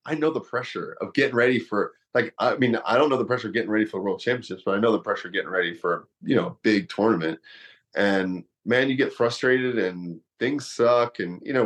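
This man, in his thirties and formerly a wrestler and fighter, rambles through a long, casual story with plenty of fillers and laughs mixed in. His voice is mid-range and a bit bright.

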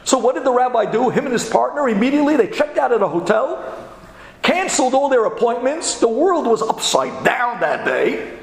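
A man, a rabbi, telling a story in an animated, dramatic sermon style. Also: extremely high pitch, moderate pace, gravelly. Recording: echoey hall with long reverb.

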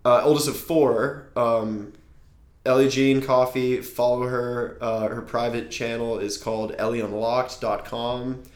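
A man's voice: mid-range voice, fairly even intonation. Rambling man chatting in an echoey room. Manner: rambling, halting with many fillers and restarts. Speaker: podcast co-host. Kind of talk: casual chat.

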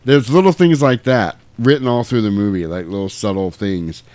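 A man co-hosting a podcast, casually talking through a movie in a profane, laughing, animated way. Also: fairly low pitch, moderate pace, no room sound. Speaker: podcast co-host. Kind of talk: casual movie discussion chat.

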